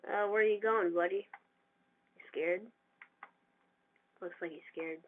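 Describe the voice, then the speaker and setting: A gamer giving casual, excitable commentary over their own gameplay and trash-talking opponents. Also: medium pitch, moderate pace, long pauses. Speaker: gamer narrating own play. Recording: tinny lo-fi mic with faint hiss.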